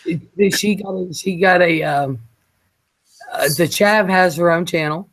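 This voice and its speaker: A man hosting a late-night casual chat show, rambling and halting with fillers as he talks. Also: high voice, a bit bright. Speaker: show host.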